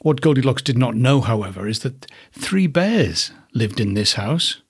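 A man hosts and narrates a children's storybook. His voice is husky and mid-pitched, and his telling is unhurried and lively with pitch. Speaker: podcast host.

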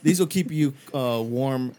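A man doing a boastful mercenary pitchman, Fillmore. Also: a little slow, mellow, natural voice. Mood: boasting. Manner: boastful sales pitch, rambling. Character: boastful male mercenary salesman, pushy.

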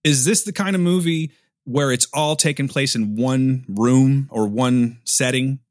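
A man co-hosting a casual podcast, tossing out questions and teasing jokes. His voice is mid-pitched and sounds dry and close, with no room around it. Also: a little slow, dry recording. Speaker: podcast co-host. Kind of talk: casual chat.

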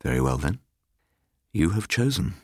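Cold tired dad, deep and slow and formal, a guy reading it out, dry sound. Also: lively intonation, no echo, heavily acted. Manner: measured and coldly formal. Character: cold, weary, aloof middle-aged father.

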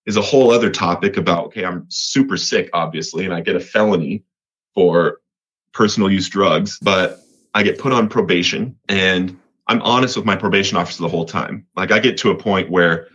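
A husky, low-voiced guest from Colorado tells his recovery testimony in an interview, fairly quick and a bit bright, though the audio is dull. He speaks earnestly, repeats words, and rises in pitch when reliving moments.

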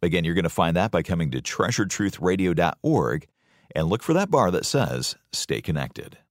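A man's voice: low voice, big pitch swings, moderate pace, dry recording, clean studio sound. A man hosting a radio program, reading a scripted announcement. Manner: smooth scripted announcer delivery.

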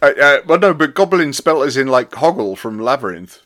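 A man's voice: medium pitch, lively intonation, fairly quick, a bit bright. A man co-hosting a podcast, reading out listener comments, laughing often, stumbling over restarts and swearing casually. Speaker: podcast co-host.

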